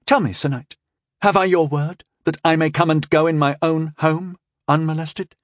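A man's voice: on the high side, fairly even intonation, normal speed, pitched above the performer's own voice, natural voice. A man voicing a haughty, wary young noble girl whose voice is a little shaky.

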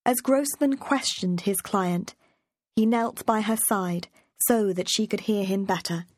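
A woman narrates an audiobook in a measured, steady storytelling voice. Her pitch sits in an ordinary middle range. The recording is dry and close, with no room sound around her. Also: no room sound. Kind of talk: scripted narration.

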